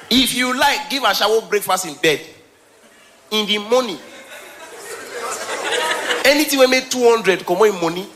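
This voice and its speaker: A man with a Nigerian accent performing a stand-up comedy special on stage, animated, slipping between Pidgin and English and laughing often. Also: sits high, normal speed, pauses often, a crowd in the background, background noise. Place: stage before live audience.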